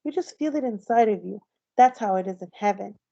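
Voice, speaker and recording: A tired, loving mother speaking barely above a whisper, as a woman reading aloud plays her. Her tone is mellow and low. The recording sounds a little dull and dry. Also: animated, brisk, vocal fry, no echo. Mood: tender, tired. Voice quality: very soft, near whisper.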